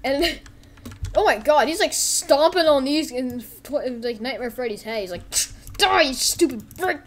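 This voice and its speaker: Hosting her own video, a woman gives excited, giggly gameplay commentary and breaks into silly character voices. Her voice is high-pitched and her speed normal.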